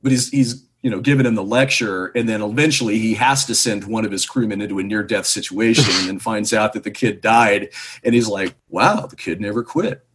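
A man guesting on a podcast, chatting casually with a wry, laughing manner and a husky voice. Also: lowish voice, fairly even intonation, fairly quick, noisy background. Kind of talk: casual chat.

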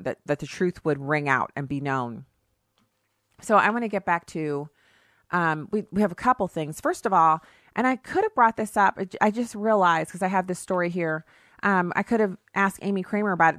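Animated woman talk radio host. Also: lowish voice, no room sound, clean studio sound. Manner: animated, mocking, mimics opponents in sing-song voices. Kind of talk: opinionated talk radio commentary.

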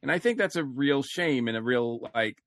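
A man chatting casually on a review podcast, rambling and restarting his sentences. His voice sits at an ordinary middle pitch. The sound is dry and close, with no room around it. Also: expressive, normal speed, no room sound. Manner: rambling, many fillers and restarts. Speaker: podcast co-host.

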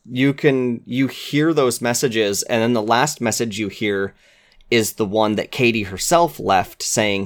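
A man in casual podcast chat, talking earnestly about a game with fillers and soft asides. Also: medium pitch, fairly even intonation, unhurried. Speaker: podcast co-host.

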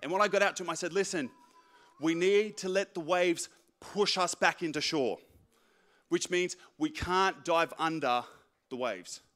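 A young man preaching a sermon, telling a story in an animated, self-mocking way. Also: fairly high pitch, unhurried. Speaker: pastor.

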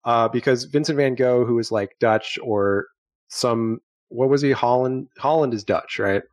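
A man's voice: mid-range voice, measured pace, dry recording. Man hosting a podcast trivia round. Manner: rambling, tangent-prone storyteller. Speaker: podcast host running trivia. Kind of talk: casual chat.

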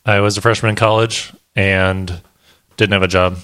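A man co-hosts a podcast in relaxed banter. His voice is very deep and dry, close to the mic. He tells stories easily. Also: normal speed, no room sound. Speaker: podcast co-host.

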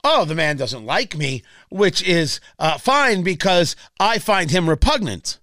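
A man's voice: high-pitched, very animated, a little slow, sharp tone, no echo, studio quality. A man hosting a political talk radio show, delivering a sarcastic, mocking monologue full of rhetorical questions. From Indianapolis area.

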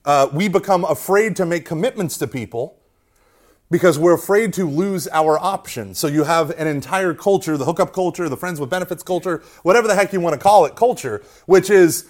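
A man speaks in an animated, conversational preaching style, often checking in with "right?" and acting out quotes. His voice is fairly high and lively, rising and falling widely. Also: normal speed. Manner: conversational, keeps asking "right?", self-mocking humor, acts out quotes. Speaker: speaker at a Catholic youth talk. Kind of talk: animated preaching talk to an audience.

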